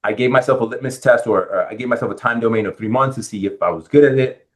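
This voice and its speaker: A man's voice: medium pitch, fast talker. A middle-aged man from the Bronx, a guest in a podcast interview, telling his story and acting out what people said to him. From Bronx, New York. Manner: animated storyteller acting out quoted dialogue. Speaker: guest, real estate lender.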